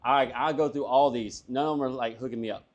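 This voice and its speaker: A man appearing as a comedian guest tells a long story casually, swearing freely, animated, and acting out everyone's lines. His voice is mid-range and his pace quick.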